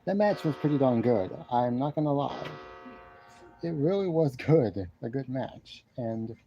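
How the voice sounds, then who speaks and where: A man talks from his love seat at home, rambling through a casual review and repeating his own phrases. His voice is dark and mellow, and he sounds congested and keeps clearing his throat. The home recording sounds dull and lo-fi. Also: mid-range voice, expressive, measured pace, soft background music. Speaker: wrestling show reviewer. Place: living room at home, seated on a love seat. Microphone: camera in front of him.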